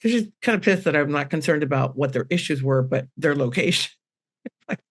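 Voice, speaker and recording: Animated middle-aged woman telling stories. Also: deep voice, brisk, breathy edge. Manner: animated, acts out the dialogue in her stories. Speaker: guest medium. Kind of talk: personal storytelling on a podcast.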